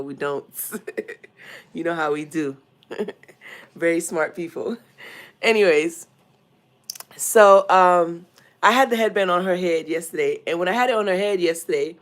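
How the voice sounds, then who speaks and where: A young woman from Nigeria with a Nigerian accent, chatting casually on a home livestream and greeting viewers by name. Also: low voice. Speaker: livestream host.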